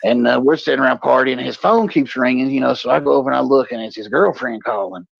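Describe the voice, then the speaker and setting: A man in his forties, co-hosting a talk show, telling a profane, animated story in a casual way. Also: quick pace, gravelly, no echo, dull audio. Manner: profane, animated storyteller, puts on high voices for quoted people. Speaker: podcast co-host.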